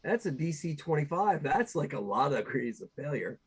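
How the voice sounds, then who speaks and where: Casting: husky man, a bit high-pitched, loopy on cold meds, joking through a tabletop game. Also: animated, normal speed. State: on cold medicine. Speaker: player. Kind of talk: playing a tabletop game online.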